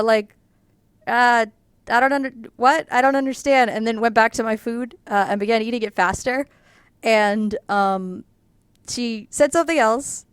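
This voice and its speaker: A woman's voice: fairly high pitch, clean tone, no echo. An American woman telling a rambling story casually, with lots of fillers. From United States. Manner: chatty, rambling with many fillers, laughs through the telling. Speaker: artist vlogger.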